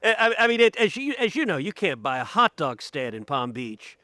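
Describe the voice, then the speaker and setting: A man's voice: fairly high pitch, big pitch swings, normal speed, pushed and bright, no room sound. A man hosting a political interview, conversational and given to restarting his words. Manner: conversational, repeats words when starting. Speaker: host.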